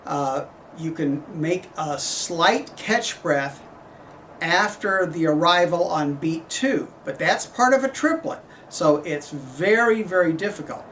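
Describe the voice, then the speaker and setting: A middle-aged man teaching a horn clinic, explaining phrasing in a measured way and singing passages on syllables. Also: on the high side, lively intonation, fairly bright tone, far from the mic, slight background noise. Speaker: horn professor giving a clinic. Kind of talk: instructional clinic talk.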